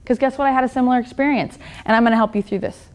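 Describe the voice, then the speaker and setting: A woman coach delivers a motivational seminar talk in a fairly high voice. She is blunt and swears freely, and she keeps turning to the audience with quick questions. Her energy makes her pitch and loudness jump around. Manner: blunt and profane, keeps asking the audience "right?". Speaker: business and fitness coach.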